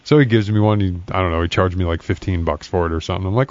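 A man's voice: sits low, rapid-fire, dry recording, muffled recording. A man hosting a casual podcast, chatty and laughing often, swearing casually. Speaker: podcast host.

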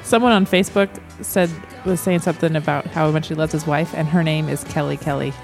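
A fast-talking podcast guest chats casually, jumping in with curious questions. Faint music plays underneath. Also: medium pitch, fairly even intonation, gravelly. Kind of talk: casual chat.

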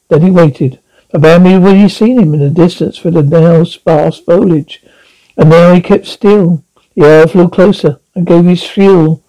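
A man reading a classic animal novel aloud, halting now and then with slips and restarts. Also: sits high, mellow, low-quality recording. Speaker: audiobook reader. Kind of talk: storybook narration.

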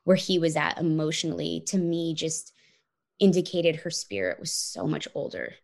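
Low, gravelly-voiced woman telling her story. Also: big pitch swings, normal speed, a little mellow. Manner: earnest, reflective, frequent "like" and "you know". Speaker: interview guest. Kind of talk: personal storytelling in an interview.

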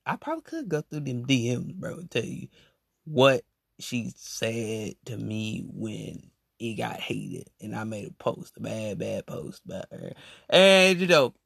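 A young man telling a story in a casual podcast monologue, animated and slangy, saying "bro" constantly. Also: medium pitch, a little slow, creaky, no room sound, clean studio sound. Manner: animated and slangy, every phrase ending on "bro".

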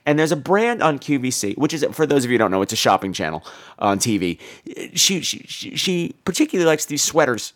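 A woman calling in to a podcast and telling a rambling story, jumping into high impressions. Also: a little fast. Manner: animated, jumps into high-pitched impressions. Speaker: caller.

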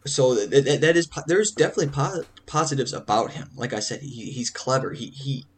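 A man's voice: mid-range voice, brisk, slight background noise. Rambling man in a casual film chat. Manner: rambling, restarts sentences while hunting for words. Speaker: podcast co-host.

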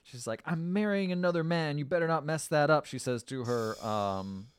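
A man's voice: fairly high pitch, moderate pace, clear, resonant tone. A man casually recapping a film on a podcast, acting out the characters' lines. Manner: acts out quoted lines with lively swings and laughs. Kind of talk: casual chat.

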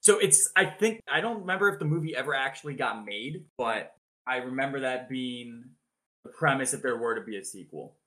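A man with a bright, forceful voice narrates a boxing match for his podcast co-hosts. He talks casually, swears freely and keeps the story moving with plenty of energy. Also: medium pitch, a little fast. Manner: animated, swears freely, acts out announcers' shouted calls.

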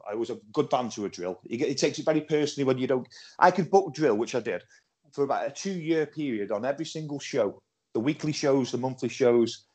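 Chatty man, husky voice. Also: mid-range voice. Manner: animated storytelling with repeated restarts. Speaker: podcast host and wrestling promoter. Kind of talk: casual podcast chat. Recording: Skype call audio.

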